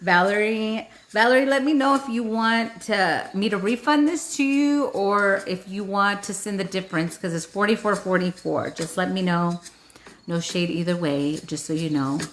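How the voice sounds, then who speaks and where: A woman's voice: mid-range voice, normal speed. A woman hosting a live healing session, chatting casually, laughing often and getting tearful, with casual swearing. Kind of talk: casual live-stream chat.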